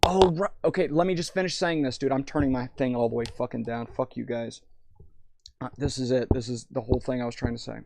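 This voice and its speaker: A man's voice: mid-range voice, steady tone, brisk, vocal fry, darkish tone, dry recording. A young man streaming in VR, tipsy and rambling, swearing freely while reading chat aloud.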